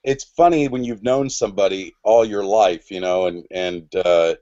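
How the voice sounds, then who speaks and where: A man's voice: low-pitched, moderate pace, mellow, lo-fi sound. A man in his forties telling a story on a podcast, rambling and restarting, acting out quoted lines. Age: 40s. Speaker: podcast guest. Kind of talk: casual storytelling.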